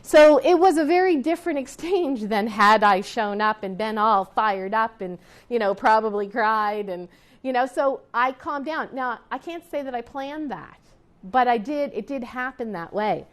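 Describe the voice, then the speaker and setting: A woman's voice: fairly high pitch, moderate pace. A middle-aged woman teacher and etiquette counselor, chatting to her students as she tells a story from her teaching days, often restarting sentences and adding asides to the class.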